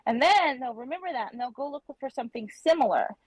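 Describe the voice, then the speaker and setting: Female artist on a stream, slightly high voice, plain explaining manner, dry. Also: animated, fast, slightly rough, no echo, low-quality recording. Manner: matter-of-fact, explains step by step. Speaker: livestream artist. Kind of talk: casual chat while drawing.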